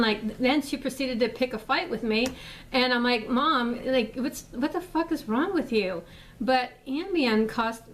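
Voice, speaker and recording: A woman vlogger ranting casually to her viewers, rambling and exasperated, with frequent swearing and fillers. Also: fairly high pitch. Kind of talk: casual rant to camera.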